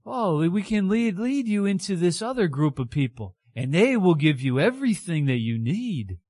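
A sly little demon coaxes and flatters in a raised, wheedling voice, as a man preacher puts him on. He sounds smooth and persuasive. The sound is dry and close. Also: sits high, moderate pace, dry recording, voice pushed up. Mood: coaxing.

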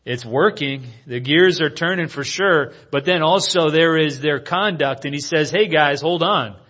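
A male preacher with a fairly high voice delivers an earnest sermon and tells stories along the way. He keeps asking his listeners rhetorical questions. The sound is dull and lo-fi. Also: normal speed, a bit bright. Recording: dull lo-fi recording.

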